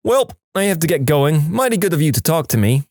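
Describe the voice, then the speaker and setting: A sweet, folksy man who calls a stranger cousin and means it, his voice lifting and dipping in a lively way, as a man reads him out. The sound is dry and close. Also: a little high, brisk, no echo, voice pushed up. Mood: folksy earnest.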